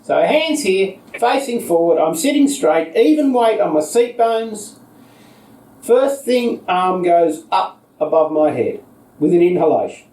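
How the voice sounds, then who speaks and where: A high-pitched Australian man guides a seated yoga practice, with calm, patient instructions paced to inhales and exhales. His voice is picked up from across an echoey indoor room, so it sounds distant and roomy. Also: measured pace. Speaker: yoga teacher.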